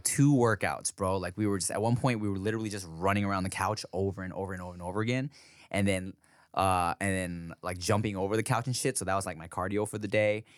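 Man, 30s, podcast co-host, casual chat, animated storyteller, dry sound. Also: no room sound. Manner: animated storyteller, acts out his toddler in a high voice.

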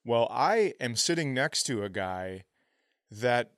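Guy cohosting a comedy podcast, rambly storyteller, dry close mic, average pitch. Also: lively intonation, slow pace, dry recording. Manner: rambling storyteller, drops into loud impressions. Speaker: podcast co-host. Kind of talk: casual comedy podcast chat.

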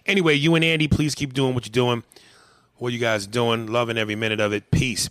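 A man's voice: mid-range voice, a little fast, creaky, a bit bright, dry recording, clean studio sound. A man hosting a podcast, talking in loose, profane, joking banter and reading out listener mail. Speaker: podcast host. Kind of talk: casual podcast chat.

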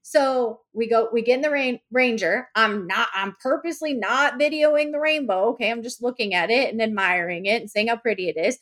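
A woman's voice: fairly quick, hardly any pauses. A woman co-hosting a casual podcast chat, telling a story and acting out the lines with big jumps in her voice. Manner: animated, acts out quoted lines with big pitch jumps. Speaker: podcast co-host.

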